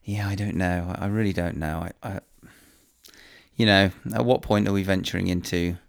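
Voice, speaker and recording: A man's voice: sits low, fairly even intonation, moderate pace, gravelly, no room sound, studio quality. A British man, a pro golfer, co-hosting a casual chat who muses aloud and often hesitates and restarts. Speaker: podcast co-host, professional golfer.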